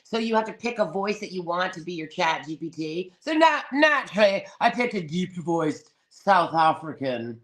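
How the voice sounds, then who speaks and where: A woman chatting on her live stream in a dramatic, foul-mouthed way, calling everyone darling. Her voice has a crisp, bright edge. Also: lowish voice, expressive, normal speed, hardly any pauses. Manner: dramatic, swears freely, calls people darling. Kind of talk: casual live-stream chat.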